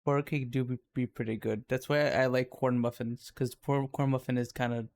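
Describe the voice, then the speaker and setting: Gravelly, stammering podcast co-host. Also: mid-range voice, fairly even intonation, brisk, a little mellow. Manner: hesitant, stammering. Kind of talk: casual chat.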